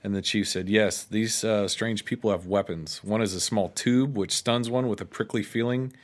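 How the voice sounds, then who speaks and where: A man with a fairly low voice tells an old story in a loose, chatty way. He drops into quoted lines and then breaks off with offhand asides, like a podcast co-host entertaining a friend. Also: fairly even intonation, moderate pace. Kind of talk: casual storytelling chat.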